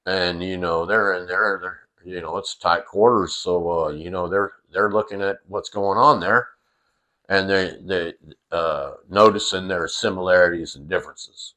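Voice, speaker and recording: In a low, steady, sharp-toned voice, moving a little slowly, a middle-aged man rambles through a comic story about his family. He restarts often, leans on fillers and lets a curse slip here and there.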